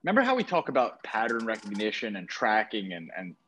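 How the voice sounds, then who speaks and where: With a fairly low pitch and a brisk delivery, a man co-hosts a podcast from a trip away from home, amid slight background noise. He's lively and enthusiastic about sports cards and self-corrects as he talks.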